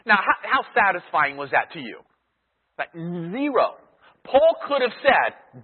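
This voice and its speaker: A man's voice: a little high, sing-song, measured pace, breathy edge. A man teaching a sermon as a Bible teacher, asking his listeners rhetorical questions and repeating his key phrases. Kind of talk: expository sermon. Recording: thin phone-like sound with long hall reverb.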